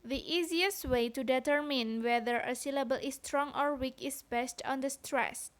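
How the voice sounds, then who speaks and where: A woman giving a read-aloud lesson on phonetics. She explains carefully and deliberately, sounding out example syllables. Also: sits high. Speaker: student presenter.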